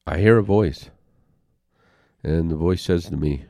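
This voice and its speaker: An older man with a very deep, gravelly voice tells a personal story at an unhurried pace. He speaks haltingly and from the heart, pausing and restarting. The recording is close and dry. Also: dark tone, no echo. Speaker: interview guest.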